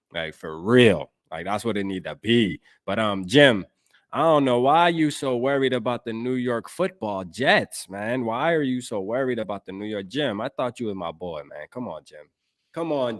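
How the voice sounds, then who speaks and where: Low-voiced laid-back man hosting livestream. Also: no room sound, studio quality. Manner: laid-back slangy, shouting out chat. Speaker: podcast host. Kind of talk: casual sports livestream chat.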